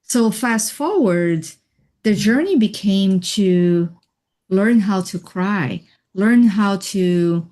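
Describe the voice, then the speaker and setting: Slow, reflective woman telling her story. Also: mid-range voice, dark tone. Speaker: interview guest, healing coach. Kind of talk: personal storytelling in a radio interview.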